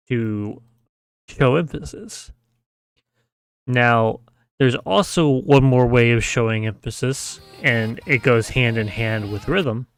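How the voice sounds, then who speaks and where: In a clean recording with no room sound, a mapping tutor walks through a casual screen-share lesson step by step. His medium-pitched voice is clear and resonant, and he keeps asking "right?" while humming out the sounds he explains.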